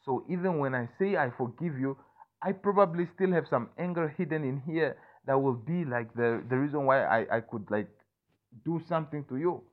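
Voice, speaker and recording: A man's voice: medium pitch, normal speed. A young man in a candid, rambling personal monologue, swearing often and restarting sentences, who keeps asking "you understand me?". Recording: tinny phone-like audio.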